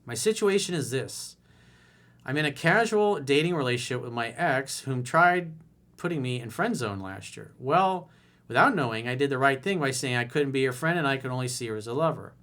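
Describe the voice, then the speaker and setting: A man's voice: mid-range voice, expressive, normal speed, fairly bright tone. A man as a dating coach, reading viewer emails aloud and answering them with blunt, casual, direct advice.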